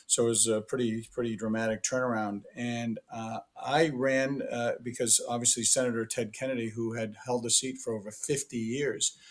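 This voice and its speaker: A man's voice: medium pitch, level tone, moderate pace, few pauses. Older man telling stories. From Massachusetts, USA. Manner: rambling, anecdotal, frequent restarts. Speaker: podcast guest, former senator and ambassador. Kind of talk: casual storytelling interview.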